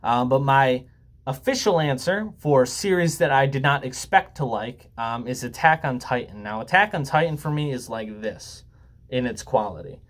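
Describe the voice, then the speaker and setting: A young man in a relaxed, unedited talk to camera, drifting between jokes and apologies. His pitch sits in an ordinary middle range. He fills the gaps with ums and lets the odd swear word slip. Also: moderate pace. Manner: rambling and joking with frequent ums and swearing. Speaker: YouTuber. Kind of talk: casual laid-back talk to camera.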